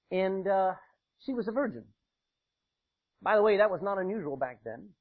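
A man's voice: sits high, slightly rough. A man preaching a sermon, folksy and conversational, with chatty asides to the congregation. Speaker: pastor. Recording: dull lo-fi recording.

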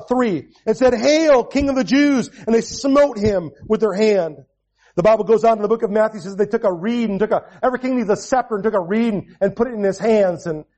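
High-voiced preaching man. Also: darkish tone. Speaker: pastor. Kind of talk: sermon.

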